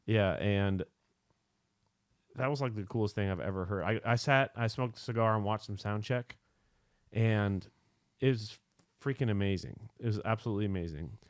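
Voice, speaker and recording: A man's voice: lowish voice, moderate pace, dry recording, clean studio sound. A man hosting a podcast, chatting casually and telling laid-back anecdotes with the odd swear word. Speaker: podcast host.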